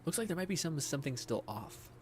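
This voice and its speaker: A Canadian man streaming a game, talking quickly and animatedly in casual, swear-laden commentary. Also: a little high, faint music behind. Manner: fast, animated, swearing, jumps into put-on voices.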